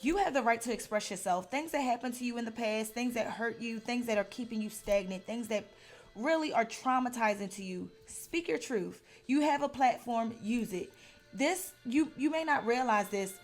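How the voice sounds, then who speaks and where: A woman's voice: on the high side, moderate pace, soft background music. A woman giving a casual tarot reading to camera, earnest and at times heated and emphatic. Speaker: tarot reader.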